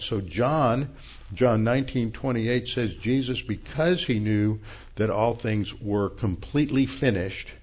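A man delivers a verse-by-verse sermon in a low voice at an unhurried pace. He teaches methodically, stopping to explain original-language terms. The recording sounds dull and muffled. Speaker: pastor. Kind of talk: expository Bible teaching.

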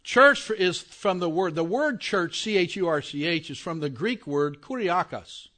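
A man with a slightly raised pitch teaching a Bible class. He talks plainly and conversationally, keeps asking whether his listeners are following, and draws out the words he wants to stress. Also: lively intonation, a little slow, bright, forceful tone. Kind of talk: classroom lecture to a congregation.

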